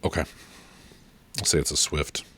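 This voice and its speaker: A man running a tabletop role-playing game as game master, talking casually with many fillers. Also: a bit bright. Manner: casual, halting, lots of fillers and laughs.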